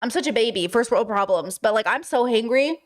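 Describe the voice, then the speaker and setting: A young woman hosting a live stream, chatting casually and telling family stories with lively acted-out quotes. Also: fairly high pitch, fairly quick. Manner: animated storyteller, acts out family members' lines. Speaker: streamer host.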